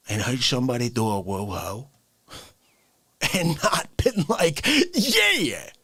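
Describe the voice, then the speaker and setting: A man hosting a live comedy stream, ranting in an animated way and swinging between shouts and whispers. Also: mid-range voice, gravelly, husky. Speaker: livestream comedy host. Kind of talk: unscripted comedic rant.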